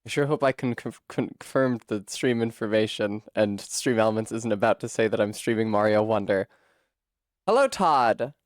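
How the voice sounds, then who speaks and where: A man's voice: lowish voice, normal speed, dry recording, studio quality. A man from Rhode Island chatting casually on a live stream, self-deprecating and swearing freely, with occasional coughing. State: coughing fits.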